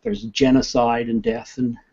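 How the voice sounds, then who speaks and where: A man, an author, talking in a casual interview and telling stories in an animated way. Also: medium pitch, moderate pace, lo-fi sound. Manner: animated, talkative storyteller.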